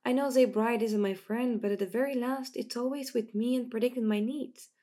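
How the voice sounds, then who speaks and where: A woman voicing a gentle, trusting teen girl. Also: a little high, steady tone, brisk, pitched above the performer's own voice, lightly acted. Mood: musing. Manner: gentle, open.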